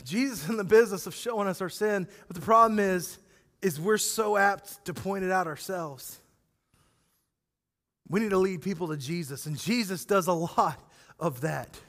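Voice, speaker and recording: A male pastor preaching a sermon, animated and acting out scripture scenes as he speaks directly to his congregation. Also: sits high, normal speed, long reverb tail.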